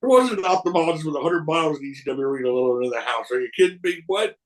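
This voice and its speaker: A man's voice: a little high, racing, poor audio. A man guesting on a podcast, telling casual stories in a rambling way, with frequent restarts, acting out the voices of people in them. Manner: animated, acts out voices in his anecdotes. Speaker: wrestling promoter guest. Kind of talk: casual storytelling.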